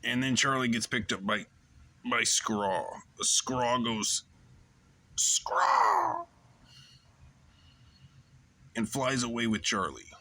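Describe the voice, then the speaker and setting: Bright-voiced man rambling through a recap. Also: medium pitch, measured pace, a little hiss or hum. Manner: rambling, loose retelling with fillers. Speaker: show host. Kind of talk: casual episode recap.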